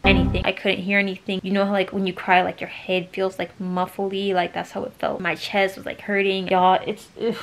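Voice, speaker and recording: A woman's voice: mid-range voice, flat delivery, fairly quick, hardly any pauses, over music. A young woman vlogging to camera, telling a breakup story in casual, slang-filled chat, weepy after crying. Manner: chatty and emotional, slangy, fillers of "like". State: weepy, just cried.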